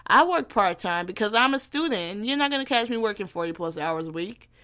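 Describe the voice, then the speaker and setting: A young woman from Gary, Indiana, hosting her own podcast in a brash, profane, teasing comedic monologue. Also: mid-range voice. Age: young adult. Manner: brash, profane and animated, quick to tease. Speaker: podcast host.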